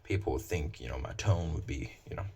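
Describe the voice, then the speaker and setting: A man casually explaining his own song lyrics in a flat, low-emotion way, with many fillers. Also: a little fast, breathy edge.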